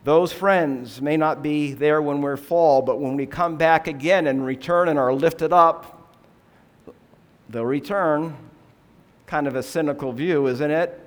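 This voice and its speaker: A man preaching a sermon, explaining scripture in a measured, earnest way and asking rhetorical questions. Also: mid-range voice.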